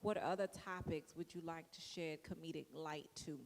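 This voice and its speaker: A woman's voice: sits low, steady tone, normal speed. A woman asking the panel questions, casual and blunt. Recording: echoey hall.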